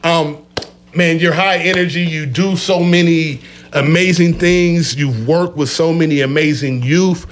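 A man's voice: fairly high pitch, steady tone, measured pace. A man hosting a casual interview, affirming his guests and steering the talk. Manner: affirming, says "I hear you" often. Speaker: host.

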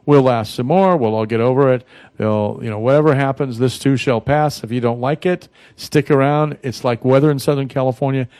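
A man's voice: mid-range voice, fairly even intonation, fairly quick, darkish tone, smooth, dry recording. Guy hosting a radio talk show, rambly and folksy, lots of uh's, dry studio mic. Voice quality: rambling, folksy, many fillers and restarts.

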